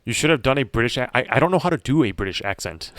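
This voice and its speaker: A male streamer chatting through a game in a casual, self-deprecating way. His pitch swings around lively as he laughs and trails off mid-sentence. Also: quick pace, dry recording. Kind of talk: live game stream commentary.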